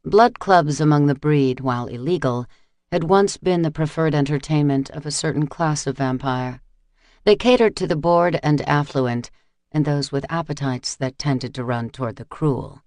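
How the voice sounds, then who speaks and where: A man narrating an audiobook in a measured, dramatic storytelling manner. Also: a little high, a little mellow, no room sound. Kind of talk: scripted narration.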